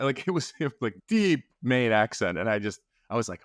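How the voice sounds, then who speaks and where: A man's voice: mid-range voice, sing-song, brisk, hardly any pauses, no echo, clean studio sound. A man co-hosting a podcast, talking in a loose, rambling way and chuckling often. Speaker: podcast co-host. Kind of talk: casual conversation.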